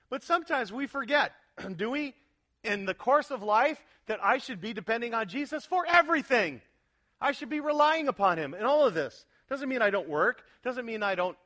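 A male pastor with a high voice delivers an expository sermon. He's animated and emphatic, putting questions to his congregation.

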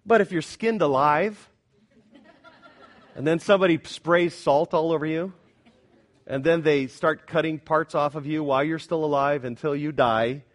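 A man preaching a Sunday sermon as pastor, emphatic, swinging between loud declarations and hushed prayerful passages, often asking the congregation questions. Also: a little high, normal speed.

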